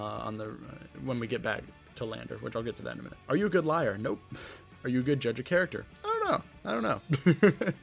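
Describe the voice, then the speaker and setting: A man's voice: medium pitch, creaky. Rambling young Southern man, laughs a lot. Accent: Southern American. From Southeastern United States. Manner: rambling, self-deprecating, laughs often. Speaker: podcast host. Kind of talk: casual Q&A monologue. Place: his bedroom.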